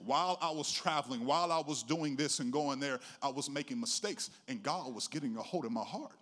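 Telling his personal story from the pulpit, a middle-aged male pastor speaks briskly in a mid-range voice. His preaching has a sing-song rhythm that builds from quiet to loud.

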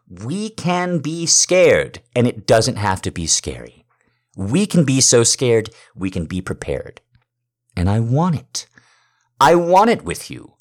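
A man speaking to a partner in an intimate role-play monologue, earnest and pleading, swinging from hushed to loud. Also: fairly low pitch. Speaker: partner persuading someone to have a baby.

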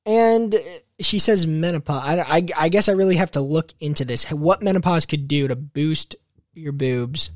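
A young man hosts a casual solo podcast in a somewhat high voice. He rambles, restarts sentences and fills gaps with "uh" and "like". The sound is dry and close. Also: normal speed, no echo. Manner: rambling, lots of fillers and restarts. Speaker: podcast host.

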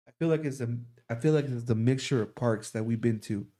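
A man's voice: mid-range voice, fairly quick, mellow. A young man in casual podcast talk, rambling through a long story with lots of swearing. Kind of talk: casual chat.

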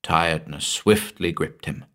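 A man reading a scripted horror story aloud in a measured, dramatic way, dropping to a hush at the ends of phrases. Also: very deep voice. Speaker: narrator.

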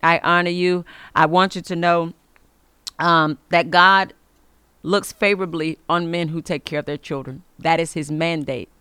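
A woman's voice: on the low side, steady tone, a little slow, sharp tone, clear, resonant tone, no echo. A woman hosting an inspirational faith podcast, speaking emphatically in the manner of a preacher and giving blessings. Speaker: podcast host.

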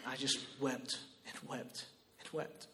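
A man preaching a sermon as pastor, shifting between loud, emphatic exhortation and quiet personal storytelling. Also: mid-range voice, little pitch movement, takes it slowly, background noise.

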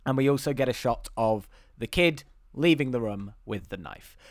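A man's voice: mid-range voice, normal speed. A man recapping a film in casual podcast chat, acting out lines in put-on voices and laughing often. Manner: animated retelling with mimicked voices and laughter. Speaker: podcast co-host.

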